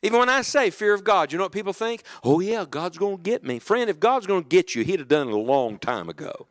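A middle-aged man preaching a sermon in church, dropping to an earnest hush and rising to emphatic calls, often asking the congregation questions. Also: high-pitched, very animated, quick pace, few pauses. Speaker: evangelist preacher.

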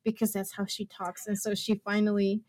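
A woman's voice: mid-range voice, monotone, brisk, a little mellow, poor audio. A woman hosting a homeschooling podcast, chatting casually with her children and then leading an earnest prayer with many fillers. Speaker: podcast host and homeschooling mother. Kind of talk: casual family chat and closing prayer.

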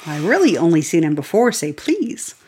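Dry deadpan podcast co-host. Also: medium pitch, moderate pace, slightly rough. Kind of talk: casual chat.

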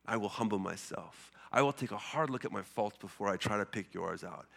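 A man's voice: on the low side, brisk, vocal fry, a bit bright. A man preaching a sermon in a conversational, earnest way, often repeating and restarting his words. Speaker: pastor.

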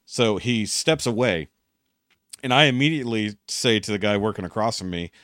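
A young guy co-hosting a podcast narrates a story with lots of energy and plenty of swearing, imitating the voices he quotes. He talks at a normal speed in a lowish voice, with studio quality and no room sound.

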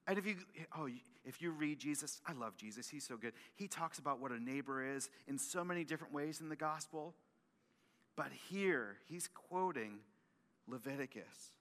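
A male pastor preaching a sermon, animated and emphatic, often repeating and restarting his phrases. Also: a little high, normal speed, in a large hall.

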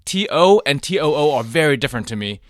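A man's voice: on the high side, expressive, fast, no room sound, studio quality. A man in casual podcast chat, opinionated and argumentative, swearing often.

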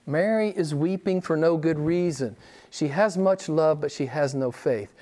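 A man's voice: a little high, a little slow, mellow. A man preaching a sermon to a small group, emphatic, repeating his key phrases and asking rhetorical questions. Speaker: pastor.

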